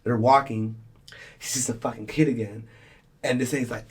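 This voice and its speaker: A young male podcast host tells a long story in a loose, rambling way, swearing freely and slipping into the voices of the people he quotes. His voice is husky and sits in a middle pitch. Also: normal speed, a little mellow. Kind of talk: casual storytelling chat.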